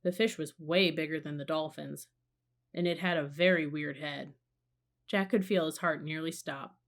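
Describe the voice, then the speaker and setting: Calm woman reading a children's story. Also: sits low, normal speed. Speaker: audiobook reader. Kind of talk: storybook narration.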